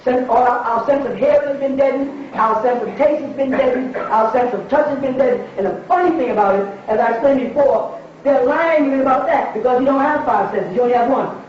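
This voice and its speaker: A man's voice: very high-pitched, brisk, a little hiss or hum. A man giving a lecture to an audience and taking their questions. He talks emphatically, repeats his points and asks rhetorical questions. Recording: distant, echoey, dull lo-fi recording.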